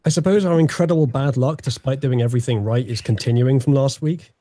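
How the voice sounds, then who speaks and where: A man's voice: medium pitch, quick pace, dark tone, no echo. A man playing a tabletop game, joking and swearing about his bad luck. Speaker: player. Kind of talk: casual tabletop game chat.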